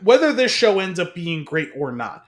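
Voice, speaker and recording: A man's voice: sits high, sing-song, normal speed. A man co-hosting a film podcast in casual chat, rambling and hedging with frequent laughs. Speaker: podcast co-host.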